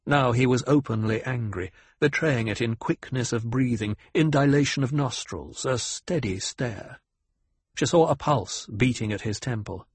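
A man giving scripted audiobook narration in a steady, unhurried way. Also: medium pitch, slightly rough, dry recording.

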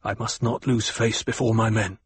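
A man's voice: fairly low pitch, little pitch movement, moderate pace, a little hiss or hum, lightly acted. A man voicing a scheming, wary nobleman in a cold, controlled way in an audiobook. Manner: cold and controlled, a little raised.

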